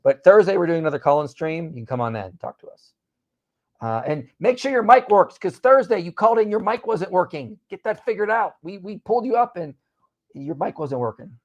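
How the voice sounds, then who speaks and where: A man hosts a relaxed live stream and reads viewer comments aloud as they come in. He answers each one quickly, in a voice set a little high for a man. The talk is loose and chatty. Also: highs cut off. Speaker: host. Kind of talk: casual livestream chat.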